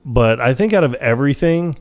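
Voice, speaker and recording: A man's voice: medium pitch, lively intonation, fairly quick, darkish tone. A man co-hosting a podcast, chatting casually and retelling scenes in a rambling way with lots of fillers. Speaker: podcast co-host. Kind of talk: casual chat.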